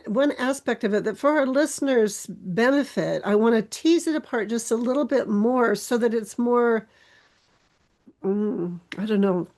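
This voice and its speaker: A woman hosting a podcast interview, speaking in a thoughtful, measured way. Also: a little high, a little mellow. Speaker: podcast host.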